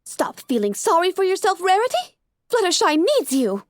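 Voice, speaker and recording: A woman's voice: very high-pitched, sing-song, normal speed, dry recording, voice pushed up. A woman voicing an elegant, refined young female unicorn pony with a genteel way of speaking. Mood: self-scolding. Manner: genteel, says darling.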